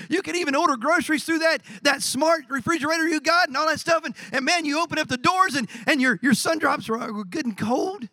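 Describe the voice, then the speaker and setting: High, bright-voiced preacher man. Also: dry recording. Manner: preaching with rising shouts and drawn-out emphasis. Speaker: pastor. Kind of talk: sermon.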